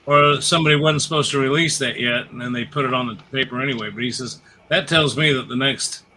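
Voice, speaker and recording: A man's voice: mid-range voice, fast talker, pushed and bright, rough recording. A man co-hosting a casual gaming chat, telling long stories and jokes with many restarts. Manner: rambling storyteller, restarts and retells jokes. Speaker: podcast co-host.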